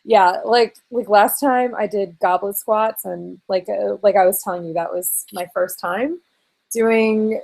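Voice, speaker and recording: A woman rambles through a casual live-streamed video chat, giggling between thoughts. Her voice has a gravelly fry at the bottom, and she talks in loose, looping sentences full of fillers. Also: mid-range voice, fairly even intonation, a little slow, darkish tone, low-quality recording. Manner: giggly, rambling, lots of likes. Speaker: vlogger. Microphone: video call.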